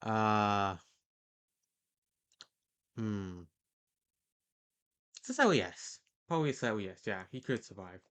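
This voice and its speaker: Slow and animated, with long pauses, a man with a lowish, fairly bright voice ranks characters for a video. He rambles casually through the tier list, hesitating often, using many fillers and correcting himself mid-sentence.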